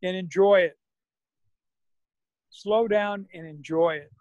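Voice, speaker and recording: High-voiced man, reflective and folksy. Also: steady tone, takes it slowly, a little mellow, no room sound, low-quality recording. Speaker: podcast guest. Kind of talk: reflective recovery conversation.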